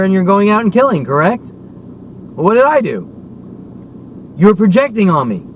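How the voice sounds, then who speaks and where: A high-pitched man in his forties vents in a long, furious monologue, swearing freely. He hammers his points home and keeps demanding "okay?" of an unseen audience. A soft wash of car noise sits underneath. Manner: heated, profane, repeatedly demanding "okay?". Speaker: vlogger. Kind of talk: angry ranting monologue.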